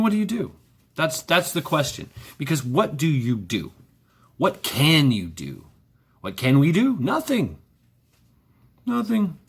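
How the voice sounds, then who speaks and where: A man's voice: medium pitch, vocal fry, breathy edge. A man vlogging in a sarcastic ranting monologue, repeating himself, swearing freely and firing off rhetorical questions.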